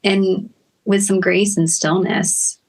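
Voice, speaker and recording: A woman guest on a podcast speaking in a slow, reflective, gentle way. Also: mid-range voice, level tone. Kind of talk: casual podcast chat.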